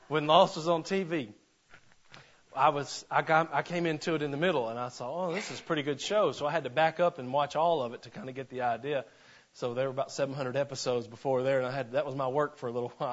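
A male pastor preaching a sermon in church, folksy, with joking asides, slowing down to stress scripture. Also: medium pitch, highs cut off.

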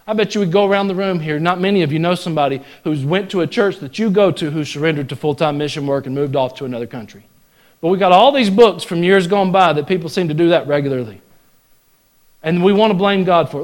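A man with a Southern US accent preaching a folksy, joking sermon in a church, swinging from loud exhortation to hushed asides. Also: sits high, lively intonation, brisk. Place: church sanctuary.

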